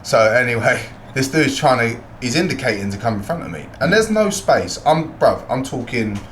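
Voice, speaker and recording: A British man, a fighter and podcast guest, tells a street story with lively energy, swearing freely and acting out what people said. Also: mid-range voice, moderate pace, a little hiss or hum. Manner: swears freely, acts out quotes. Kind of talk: animated storytelling. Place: podcast studio. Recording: roomy echo.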